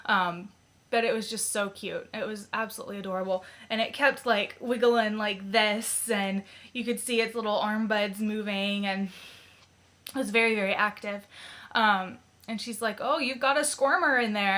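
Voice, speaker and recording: A young woman talks to her camera in a chatty, giggly way, with plenty of ums and likes. Her voice is bright and clear, sitting at a middle pitch for a woman. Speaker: vlogger. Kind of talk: casual pregnancy vlog.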